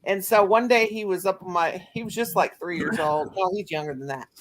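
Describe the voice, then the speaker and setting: A middle-aged woman who hosts the channel talks fairly quickly in a fairly low voice. She's running a casual family chat, rambling along and telling stories with a lot of laughter.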